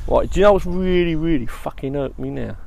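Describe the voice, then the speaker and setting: A man's voice: on the high side, a little fast, vocal fry, darkish tone. A man co-hosting a crude comedy podcast, swearing freely and ranting in a jokey way. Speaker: podcast co-host. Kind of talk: crude casual comedy chat.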